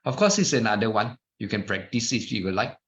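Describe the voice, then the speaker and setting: A middle-aged man with a Malaysian English accent gives an informal dharma talk full of anecdotes, chatty and prone to restarts and asides. His voice is on the low side, sing-song, a bit bright, and a little fast, heard on a muffled lo-fi recording.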